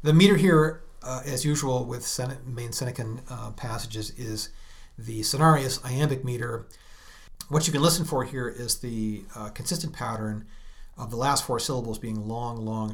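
A man hosting a podcast, discussing a text and reciting verse slowly, stressing the meter. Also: medium pitch. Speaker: podcast host.

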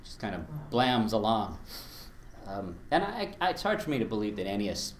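Guy teaching latin poetry, kinda low voice, chuckles a lot, slows way down to tap out the beats, echoey room with a little hum. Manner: animated, chuckling, recites Latin verse slowly in beats. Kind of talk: lecture with recitation.

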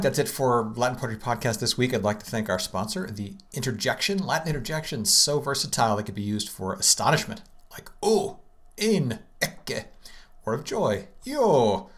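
A man hosting a podcast, discussing a text and reciting verse slowly, stressing the meter. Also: mid-range voice, animated, fairly bright tone. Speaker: podcast host.

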